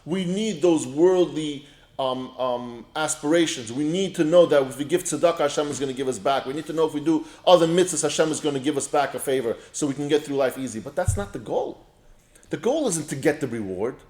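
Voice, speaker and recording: A man's voice: on the high side, lively intonation, brisk, echoey room. A man teaching an informal Torah class, explaining ideas with many restarts and a storytelling manner. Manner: storytelling, drops soft when telling a story, many restarts.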